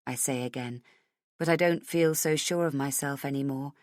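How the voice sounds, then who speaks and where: A woman's voice: very deep voice, moderate pace, dry recording, studio quality. A woman narrating a thriller audiobook in the first person, with tense, urgent storytelling.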